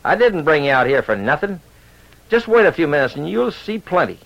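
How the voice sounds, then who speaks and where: An excitable old rancher who sputters and shouts when he is riled up, as a man puts him on. His voice sits high and gravelly. It comes through a dull old radio recording. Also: brisk. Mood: agitated.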